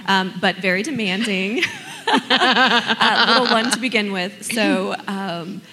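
A woman's voice: mid-range voice, slow, long reverb tail. A woman telling parenting stories in casual chat, laughing often as she tells them. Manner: laughing, animated storytelling.

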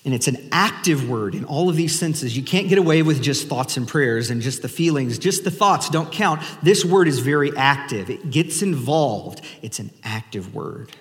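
A man's voice: medium pitch, animated, moderate pace, few pauses, fairly bright tone, long reverb tail. A man preaching a sermon as pastor in a casual, conversational way, inviting the congregation to join in.

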